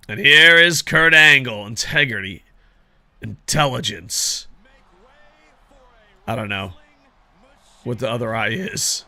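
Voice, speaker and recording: A man giving casual, excitable video game commentary, swearing constantly and talking to his viewers as "boys.". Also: mid-range voice, takes it slowly, pauses often, no room sound. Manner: excitable, heavily profane, addresses viewers as boys. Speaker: gaming commentator.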